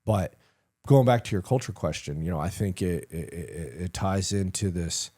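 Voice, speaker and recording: Husky deep-voiced man, lively storyteller. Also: normal speed. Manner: animated, acts out quoted dialogue, swears casually, laughs at himself. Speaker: retired command sergeant major, guest. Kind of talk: candid conversational storytelling.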